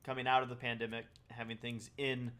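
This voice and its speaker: A man's voice: medium pitch, flat delivery, brisk, fairly bright tone, smooth. A man co-hosting a podcast in casual chat, rambling and laughing often. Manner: rambling, laughs often, eating while talking. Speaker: podcast co-host.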